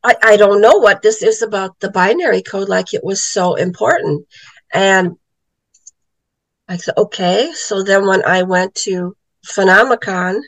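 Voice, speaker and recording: A woman's voice: medium pitch, unhurried, no echo, low-quality recording. A middle-aged woman, an author and psychic medium, telling a story in a casual interview and acting out the voices she quotes.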